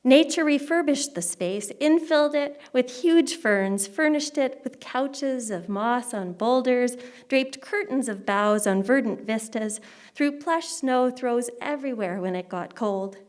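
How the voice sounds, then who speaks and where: A woman poet shares her work at a book launch. Her voice sits a little high, and she chats quickly between poems before settling into a measured reading. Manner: hurried, chatty asides between measured poem reading.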